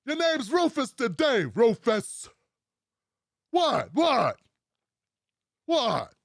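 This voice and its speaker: A man's voice: very high-pitched, huge pitch swings, extremely slow, gravelly, no echo, studio quality, full character voice. Man doing a crude old-school boss. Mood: mock-innocent. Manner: mock-innocent, repeating "what's wrong".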